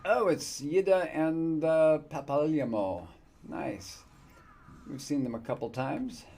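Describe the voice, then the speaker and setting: A man's voice: a little high, slow pace, dark tone, slight background noise. An older man casually commenting on his gameplay with wry, joking asides. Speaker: let's-play gamer.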